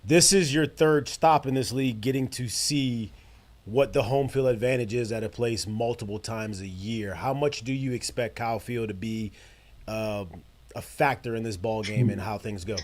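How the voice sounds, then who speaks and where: Mid-pitched man asking a guest. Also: normal speed. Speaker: podcast co-host. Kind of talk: casual interview chat.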